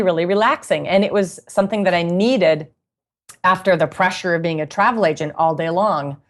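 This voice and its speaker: Lowish-voiced woman being interviewed, chatty and animated, laughs a lot. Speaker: guest musician and knitting author. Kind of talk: casual interview storytelling.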